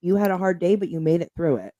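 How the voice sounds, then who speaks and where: A woman co-hosting a podcast who tells stories in an animated way and laughs as she talks. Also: lowish voice, quick pace, no echo, dull audio. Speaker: podcast co-host. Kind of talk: casual storytelling chat.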